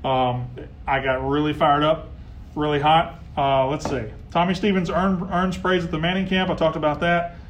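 A man hosting a casual live sports talk stream, heckling rivals and getting loud when riled. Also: fairly high pitch, flat delivery, moderate pace, slight background noise. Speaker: sports show host.

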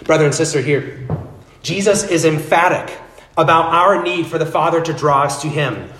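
A man's voice: a little high, fairly bright tone, echoey room. A male pastor preaching a sermon, speaking earnestly and addressing listeners directly.

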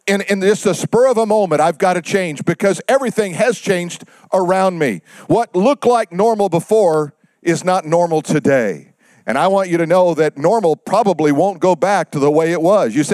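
A male pastor delivering a sermon, pausing for effect and dropping his voice low for God's words. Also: expressive, a little mellow, no echo. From United States.

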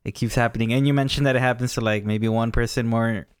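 Smooth-voiced man, dry close sound. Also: medium pitch, steady tone, fast, dry recording. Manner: laid-back, interjecting with reactions. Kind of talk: casual chat.

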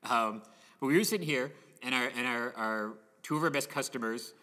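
Man from canada, bright tense voice, casual storytelling, animated, long hall reverb. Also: medium pitch, moderate pace. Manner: animated, lots of restarts and acted quotes. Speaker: cinema staff storyteller.

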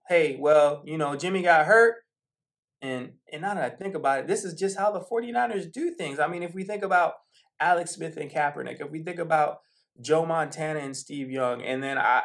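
A man's voice: on the high side, vocal fry, fairly bright tone. Rambling man hosting a sports podcast. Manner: rambling, conversational, with frequent fillers and asides. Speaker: podcast host. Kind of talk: casual sports commentary monologue.

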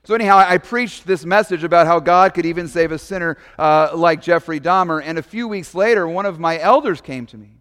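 Conversational pastor with a high-ish voice. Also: male voice, a little fast, hardly any pauses, clean tone, in a large hall. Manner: conversational, animated storytelling with asides. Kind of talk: sermon.

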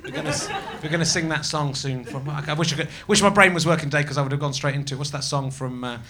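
A man's voice: on the high side, animated, fast, bright, forceful tone. A man hosting a podcast, teasing and joking with his guest. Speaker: podcast host. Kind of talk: casual chat.

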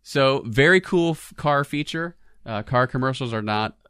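A man's voice: medium pitch, lively intonation, moderate pace, fairly bright tone, smooth, no room sound, clean studio sound. A man co-hosting a casual chat show about commercials, talking in a chatty way with easy laughs and many restarts. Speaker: podcast co-host.

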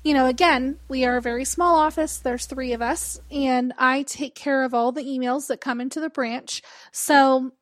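A woman's voice: sits high, moderate pace, hardly any pauses, no echo. A woman hosting a casual chat, telling stories with lots of laughter and acting out customers. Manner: animated storyteller, laughs often, mimics callers.

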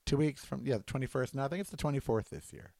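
A man's voice: mid-range voice, fast, a little mellow, no room sound. A man hosting a comedic rant monologue, sarcastic and mocking as he riffs at length. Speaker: host.

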